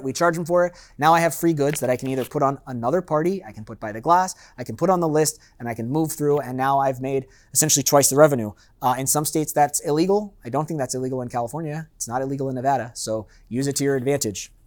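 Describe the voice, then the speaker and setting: A man's voice: medium pitch, quick pace. A man, a master sommelier, giving a loose, conversational seminar to a live audience and acting out customers' lines. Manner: loose and chatty with fillers and asides.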